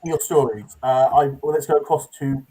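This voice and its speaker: A man's voice: medium pitch, normal speed, background noise. A man hosting an improv comedy game show, hesitant and full of filler sounds as he sets the tasks and hands out points.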